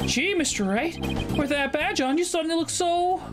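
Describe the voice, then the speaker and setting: A woman's voice: very high-pitched, expressive, normal speed, pitched above the performer's own voice. A woman voicing a cheeky teenage girl in a fan dub of a game, teasing and perky, with game music underneath.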